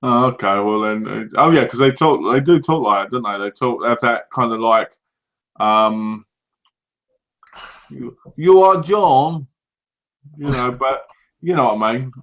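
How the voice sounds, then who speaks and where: A man's voice: mid-range voice, normal speed, a bit bright, highs cut off. A man co-hosting a casual livestream chat, rambling and laughing often. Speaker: co-host.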